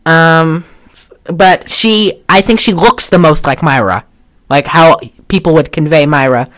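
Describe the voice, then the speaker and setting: This woman has a deep, slightly bright voice and a measured pace. She co-hosts a casual film podcast where she rambles, swears freely and restarts many times.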